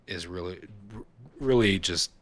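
A man with a fairly low voice tells rough, profane stories in a loose podcast chat. He swears freely and jumps into shouted impressions of the people he meets. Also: unhurried. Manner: profane, animated storyteller, mimics shouting people. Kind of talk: casual storytelling chat.

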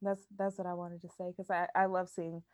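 This young podcast co-host speaks fairly quickly in a fairly low voice. Her casual chat is animated, full of laughs and freely dropped swear words.

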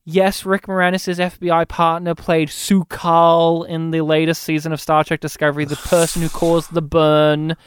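High-voiced man chatting about a movie. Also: monotone, normal speed, few pauses, a little hiss or hum. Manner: enthusiastic, rambling, quotes lines in funny voices. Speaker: podcast host. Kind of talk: casual movie review chat.

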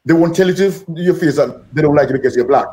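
A man's voice: fairly high pitch, fast, dark tone, a little hiss or hum. An older man with a British accent, a guest musician telling stories in a podcast interview, rambling and repeating words and acting out the dialogue. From Jamaica.

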